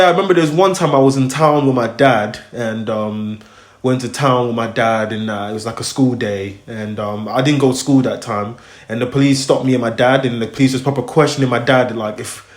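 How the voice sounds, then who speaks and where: Young man, storyteller, rambling and animated, echoey room, middle pitch. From Congo, raised in America, now UK. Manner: rambling and animated, acts out voices, heavy slang fillers. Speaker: host. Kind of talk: casual storytelling chat.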